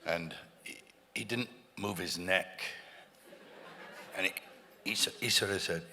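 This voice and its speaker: On stage before a live audience in a large hall, a male interview guest tells rambling anecdotes, restarting often amid bursts of laughter. His voice sits low, measured in pace, pushed and bright, and the recording carries hall reverb and faint noise.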